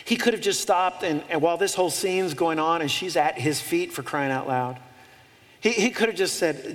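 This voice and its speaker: A man preaching a sermon, retelling a scripture story with animated storytelling and humorous asides. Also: a little high, normal speed, long reverb tail. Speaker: pastor.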